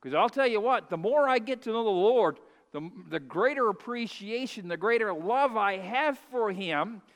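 A man preaching a sermon as pastor, moving from soft, hushed asides to loud, emphatic declarations and leading the congregation to repeat phrases. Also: high voice, lively intonation, moderate pace. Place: church sanctuary. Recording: long hall reverb.

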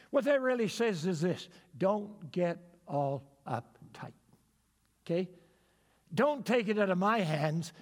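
A man's voice: sits high, big-room sound. A man preaching a sermon, emphatic and repetitive, asking his listeners rhetorical questions.

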